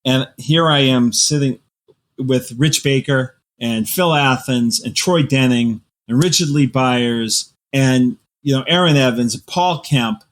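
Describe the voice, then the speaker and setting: A man, a guest author, chatting casually in an interview, telling animated, vivid stories with playful exaggeration. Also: mid-range voice, unhurried.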